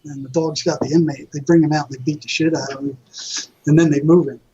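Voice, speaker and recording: A man's voice: on the high side, a little mellow, slightly rough. A retired psychotherapist telling vivid anecdotes in a casual interview, acting out quoted voices as he goes. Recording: dull lo-fi audio.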